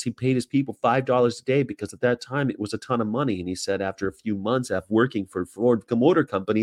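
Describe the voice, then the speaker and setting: A man's voice: mid-range voice, a little mellow. Chatty American man hosting a stream. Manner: rambling, jokey, swears casually. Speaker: host. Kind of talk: casual livestream chat, reading viewer comments.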